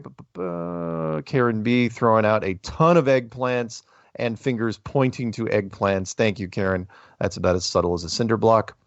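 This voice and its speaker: A man's voice: lowish voice, creaky, no echo. A man hosting a call-in show, rambling in a casual, joking, self-deprecating way. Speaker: radio call-in show host. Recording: dry, dull lo-fi audio.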